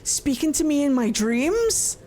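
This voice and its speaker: A woman voicing a zealous young woman prophet who believes she has been chosen, in a high proclaiming voice. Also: very animated, unhurried, mellow. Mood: awestruck.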